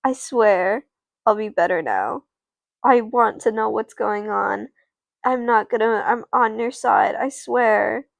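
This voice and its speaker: A woman's voice: on the high side, takes it slowly, vocal fry, dry recording. Woman doing an earnest, insistent teen girl. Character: earnest loyal teenage girl friend. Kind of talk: narrated doll play.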